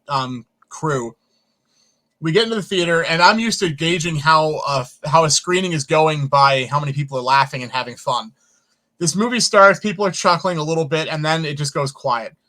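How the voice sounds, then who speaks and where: A man who is a filmmaker guest, telling stories in an interview in an animated way and swearing casually. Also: on the high side. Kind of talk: storytelling in an interview.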